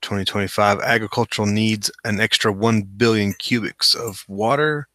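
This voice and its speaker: This is a male host of a casual news show who reads articles out loud and comments on them with wry, skeptical asides. He speaks at a moderate pace in a lowish, fairly even voice with a sharp tone, recorded without room sound.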